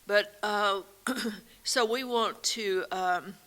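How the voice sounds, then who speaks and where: A woman co-hosting a faith and politics talk show, telling stories in an animated way and laughing often. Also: medium pitch, extremely slow. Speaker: co-host. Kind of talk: casual talk show chat.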